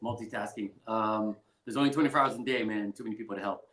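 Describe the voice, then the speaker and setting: A middle-aged man with a Texas accent, a mortgage lender chatting in an interview in a relaxed, joking way. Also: on the low side, fast. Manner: relaxed, laid-back, self-deprecating humor. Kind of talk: casual interview chat. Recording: roomy echo.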